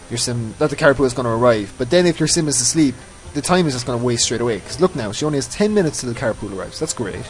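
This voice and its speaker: A man's voice: mid-range voice, animated, fast, hardly any pauses, poor audio. A man giving casual, rambling commentary over his own gameplay, often mocking himself. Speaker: let's play host.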